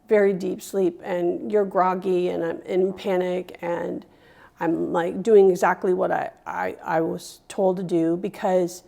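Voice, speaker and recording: A woman guest recounting a personal experience in an interview, hesitant and pausing often with fillers. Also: medium pitch, creaky, dark tone. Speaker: guest sharing a scam experience.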